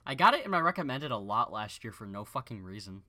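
Young co-host, bright sharp tone, animated pitch, profane laughing banter. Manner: swearing, laughing, quick banter. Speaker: podcast co-host. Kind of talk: casual chat.

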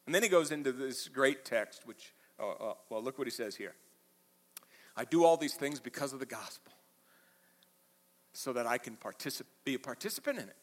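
A man preaching a sermon as pastor, swinging between quiet, low asides and loud, impassioned bursts. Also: expressive, normal speed, long pauses. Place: church auditorium. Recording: reverberant church hall.

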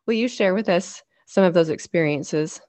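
Woman, interviewer, reflective, deep pitch, dry recording. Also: moderate pace, dark tone, no room sound. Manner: compassionate, reflective questioning. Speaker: podcast host.

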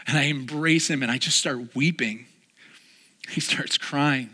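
A man's voice: mid-range voice, measured pace, pushed and bright, husky. A man preaching a sermon, telling a personal story and repeating key phrases with earnest emphasis.

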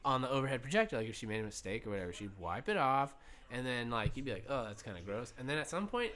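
A man's voice: medium pitch, lively intonation, rapid-fire, fairly bright tone. A young man co-hosting a podcast, telling rambling, profane stories in a casual chat. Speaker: podcast co-host.

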